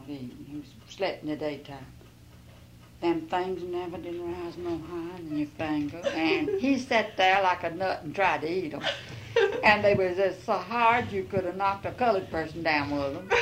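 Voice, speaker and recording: A woman's voice: lowish voice, noisy background. An older woman, telling a rambling, folksy life story as an oral history interviewee. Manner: folksy, rambling, quotes others in lively bursts.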